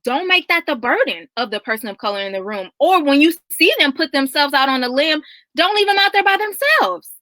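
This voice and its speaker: A woman's voice: high voice, expressive, fairly quick, sharp tone, no echo. A woman guest on a podcast, giving earnest and emphatic advice in a casual conversation.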